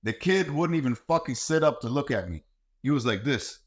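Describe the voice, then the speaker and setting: This podcast host, a middle-aged martial arts coach, rants about parenting in a blunt, heated monologue full of profanity. His mid-range voice is animated and breathy-edged, moving at a normal speed.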